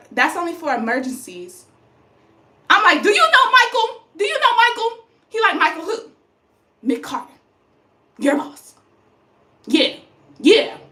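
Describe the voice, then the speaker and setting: A young woman with a high, bright voice tells a personal story straight to camera in a casual, lively way. She slips into the voices of the people she describes. The room around her rings with echo. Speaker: vlogger. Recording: echoey room.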